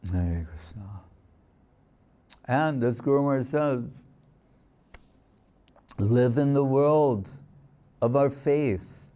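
A man giving a spiritual sermon, telling stories in a reflective, unhurried way and reciting verses. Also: medium pitch, mellow. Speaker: swami giving a spiritual talk.

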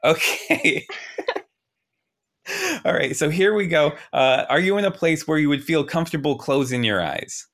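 A playful man hosting a casual talk show, his voice swinging lively up and down. He laughs often and gets excited easily, and he can also slow down to lead a gentle guided visualization. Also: fairly high pitch. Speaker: podcast host.

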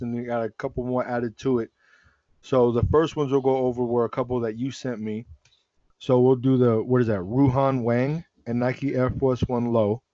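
A man's voice: medium pitch, no echo, highs cut off. Laid-back man hosting a sneaker chat. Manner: relaxed, rambling with restarts. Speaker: sneaker podcast host. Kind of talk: casual chat.

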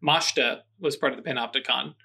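A man's voice: mid-range voice, brisk, gravelly, pushed and bright, husky. A man running a tabletop game and wrapping up the show as host, rambling with lots of fillers and small chuckles. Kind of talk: tabletop game wrap-up chat.

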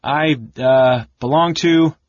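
A man voicing a nervous young male kender turned into a mouse, squeaking and stammering. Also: fairly even intonation, takes it slowly, a little mellow, no echo, lo-fi sound. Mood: anxious.

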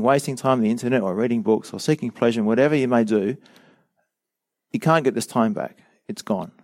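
A middle-aged man preaching a sermon as a pastor, earnest and measured, with a touch of dry sarcasm. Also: medium pitch, a little mellow, no echo.

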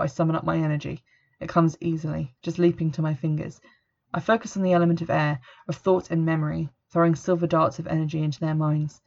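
A woman reading a first-person story as narrator, in a steady, even manner, on a dull lo-fi recording. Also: deep voice, vocal fry, slightly rough. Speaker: audiobook narrator.

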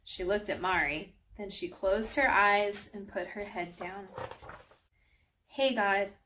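A woman's voice: mid-range voice, steady tone, a little slow, slight background noise. Friendly woman storyteller, reading a picture book aloud for children. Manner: gentle, friendly, addresses children.

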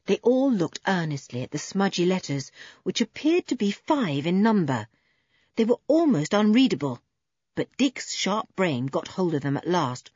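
A woman's voice: moderate pace, breathy edge, no echo. Woman reading a children's adventure story. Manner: lively, voices the children in higher pitch. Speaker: audiobook narrator. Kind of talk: storybook reading aloud with character voices. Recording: dull lo-fi dry recording.

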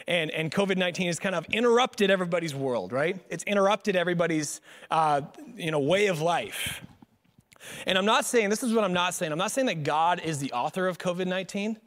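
Young man, pastor, casual sermon, high-pitched, playful storytelling, long hall echo. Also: a little fast. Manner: joking, animated storytelling with many fillers.

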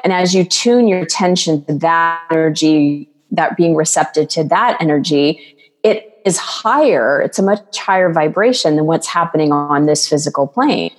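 A woman with a somewhat low voice talks as a podcast guest coach. She speaks earnestly and loosely, with lots of fillers as she tells her stories. Her voice carries a long, reverberant room echo. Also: moderate pace. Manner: earnest, storytelling with many fillers. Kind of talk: conversational podcast interview.

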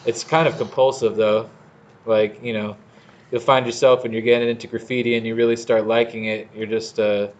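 A man co-hosting a laid-back podcast, rambling through his thoughts in loose slang with the odd curse word. His voice sits at an ordinary middle pitch, and the recording sounds dull and lo-fi. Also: a bit bright. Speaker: podcast co-host. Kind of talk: casual chat.

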